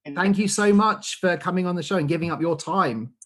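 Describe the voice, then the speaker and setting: A man's voice: sits high, a little fast, a bit bright. Male podcast host, enthusiastic interviewer, eager and upbeat.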